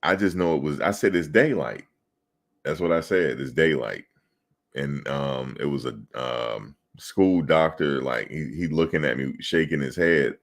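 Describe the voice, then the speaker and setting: Very deep-voiced man telling football stories. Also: normal speed, few pauses. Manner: loose, profane storytelling with laughter. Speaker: podcast co-host. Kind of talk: casual sports chat.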